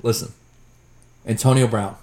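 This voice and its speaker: Male sports-podcast co-host, mid-pitched, casual and profane, winds himself up into rants; roomy echo on the voice. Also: measured pace. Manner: animated, profane ranting.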